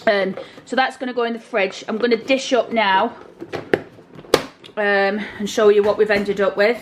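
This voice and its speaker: A woman's voice: mid-range voice, fairly even intonation, moderate pace, a little hiss or hum, rough recording. A woman chatting to her viewers while she cooks in her home kitchen, casual and talkative. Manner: chatty, addresses viewers directly. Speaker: vlogger. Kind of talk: casual cooking vlog.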